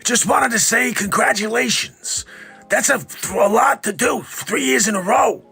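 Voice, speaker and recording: A fussy older health official, loud and emphatic, sometimes near shouting, as a man does the bit. Pitched a bit above the performer's usual voice. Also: a little slow, gravelly, slightly rough, faint music behind, full character voice. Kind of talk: comedic impression.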